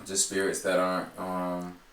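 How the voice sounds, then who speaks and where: A man's voice: low voice, completely flat delivery, normal speed, a bit bright, recorded from a distance, a little hiss or hum. A man interviewing a guest in a curious, hesitant way, with plenty of fillers. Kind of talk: conversational interview. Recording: echoey room, off-mic.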